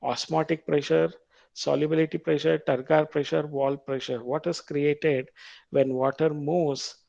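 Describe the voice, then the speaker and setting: A man with an Indian English accent lecturing on biology, reading quiz questions aloud, repeating them slowly and explaining the answers patiently. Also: a little high, little pitch movement, gravelly, a little mellow, no room sound, muffled recording. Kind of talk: quiz-style classroom lecture.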